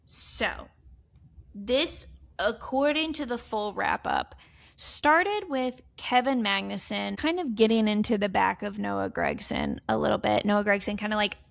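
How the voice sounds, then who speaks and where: A woman talks racing on a podcast in a loose, foul-mouthed way, laughing easily. Her voice has a steady gravelly fry. The sound is dry and close, and her pitch sits mid-range. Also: a little slow, no echo. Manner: blunt and sweary, laughs often. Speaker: podcast co-host. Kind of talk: casual motorsport chat.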